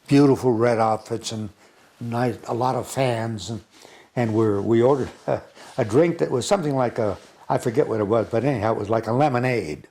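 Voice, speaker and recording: In an oral history interview, a US man in his 90s wanders through old war memories, frequently chuckling and restarting his thoughts. His voice is medium-pitched with a dark tone.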